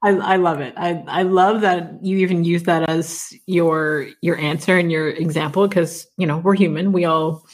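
A woman's voice: lowish voice, steady tone, moderate pace, hardly any pauses. A woman hosting a podcast, chatting in an affirming way and laughing often. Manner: warm, giggly, affirming. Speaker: podcast host. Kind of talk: casual interview chat.

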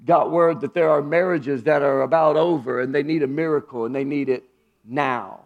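A man preaching a sermon as pastor, moving from low hushed phrases to loud high exclamations. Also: moderate pace, creaky, phone-quality sound.

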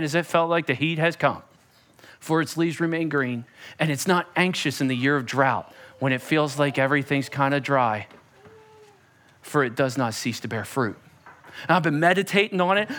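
A man preaching a sermon as pastor, animated and conversational with a playful edge. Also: high-pitched.

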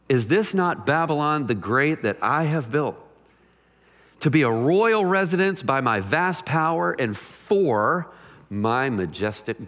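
A man preaching a sermon, animated and conversational, reading scripture aloud and adding jokes and asides. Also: on the high side, big-room sound. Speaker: pastor.

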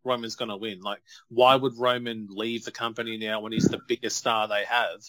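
A man, co-hosting a casual wrestling chat and telling stories in a chatty, animated way. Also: lowish voice, moderate pace, no echo. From Australia. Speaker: podcast co-host.

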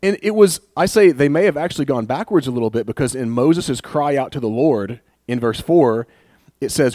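A man delivering a sermon in a relaxed, conversational way, weaving personal stories into scripture. He builds to animated emphasis on key points. His voice sits in a middle pitch and is recorded dry and close. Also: normal speed, no echo. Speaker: pastor.

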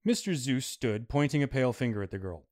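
A man's voice: medium pitch, animated, brisk, a little mellow. A man reading a story aloud with dramatic narration. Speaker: story reader.

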